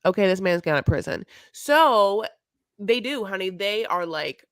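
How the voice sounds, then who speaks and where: A woman's voice: medium pitch, expressive, a little slow, no room sound, studio quality. A woman co-hosting a podcast, recapping a reality show in casual, chatty talk full of "like" and "honey". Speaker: podcast co-host.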